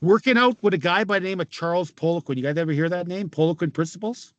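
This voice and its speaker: A middle-aged man from Canada, a former hockey player, telling stories in an interview, with a raspy voice, laughing often and swearing freely. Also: high-pitched, fast talker, dry recording, highs cut off. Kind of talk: casual storytelling interview.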